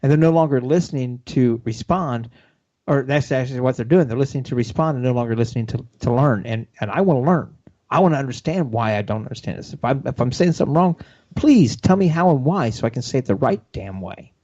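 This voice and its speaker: A man's voice: medium pitch, animated, quick pace, dark tone. A man, co-hosting a casual radio chat, blunt and ranting. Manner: blunt, ranting, self-deprecating. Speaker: radio show co-host. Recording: dull lo-fi radio audio.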